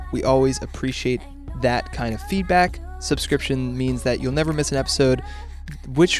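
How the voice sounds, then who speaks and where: An upbeat man hosts a pop music podcast in a casual, chatty way. His voice sits at an ordinary mid pitch, and he laughs easily between topics. Faint music plays in the background. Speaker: podcast host. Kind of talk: casual chat. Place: studio in New York.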